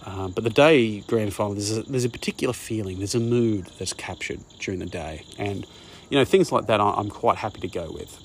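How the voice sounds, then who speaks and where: Australian man, low gravelly voice, rambling casual chat, faint crickets and background hiss. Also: fairly quick. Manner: rambling, conversational, says "mate" often. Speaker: podcast host. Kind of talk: casual monologue.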